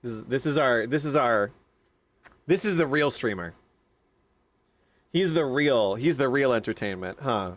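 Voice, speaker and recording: A man streaming a game live, chatting casually with loud, excitable outbursts. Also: mid-range voice, a little slow, long pauses. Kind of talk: casual live-stream chat over gameplay.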